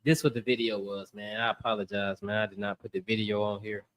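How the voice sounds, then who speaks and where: Animated man hosting a podcast. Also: on the low side, fast talker. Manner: animated storytelling, acts out voices. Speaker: podcast host. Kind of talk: casual podcast chat.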